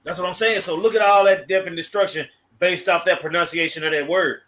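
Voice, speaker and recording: A man's voice: high voice, steady tone, fairly quick, a bit bright, poor audio. A man teaching in a casual Bible class, blunt and emphatic, with slang and swearing.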